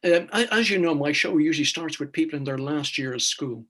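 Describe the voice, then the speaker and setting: Male host, husky voice, jovial and easygoing. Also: fairly high pitch, brisk, fairly bright tone. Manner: jovial, laughs while talking. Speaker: interview host. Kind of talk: conversational interview.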